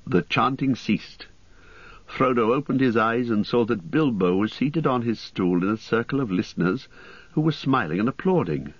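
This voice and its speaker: Male audiobook narrator, measured verse and prose, dry slightly muffled audio. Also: mid-range voice, lively intonation, dry recording. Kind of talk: scripted narration and verse recitation.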